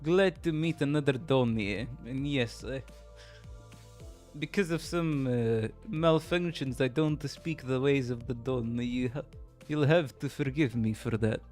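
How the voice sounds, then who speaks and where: A male streamer reads a game's story aloud, breaking off to joke, laugh and greet viewers. His voice sits at a middle pitch and his delivery is casual. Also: a little slow, a little mellow, faint music behind. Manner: jokey, laughs often, chats with viewers. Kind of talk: reading game dialogue aloud on stream.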